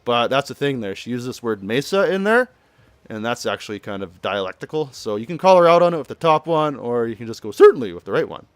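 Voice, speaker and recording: A man talks through a video game in a relaxed, rambling way, his pitch bouncing around a lot. He laughs easily and keeps summing up what the characters say. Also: quick pace, dry recording. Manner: chatty, loose, laughs often, summarizes game dialogue. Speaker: let's play commentator. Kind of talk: casual gameplay commentary.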